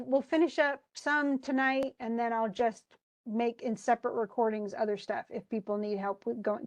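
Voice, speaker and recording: A woman teacher talks through a classic play in a loose, chatty way, often restarting her phrases. Her voice sits somewhat high. The recording is close and dry. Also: darkish tone, no echo. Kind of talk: casual lesson explaining a play.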